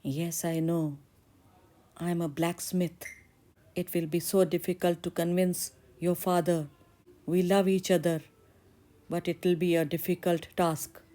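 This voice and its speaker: Woman doing a humble soft-spoken young blacksmith. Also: on the low side, flat delivery, a little slow, pauses often, lightly acted. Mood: resigned. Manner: soft, apologetic.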